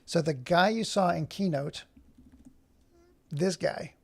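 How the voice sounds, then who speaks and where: A man's voice: fairly high pitch, slow, vocal fry, a little mellow, husky. A man hosting a casual livestream, rambling and often breaking off his own sentences. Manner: rambling, self-interrupting. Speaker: livestream host.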